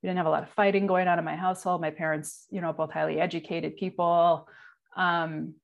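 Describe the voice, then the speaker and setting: A woman in her forties speaking candidly in an interview, halting and full of fillers. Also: fairly low pitch, flat delivery, gravelly, lo-fi sound. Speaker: guest. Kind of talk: personal interview.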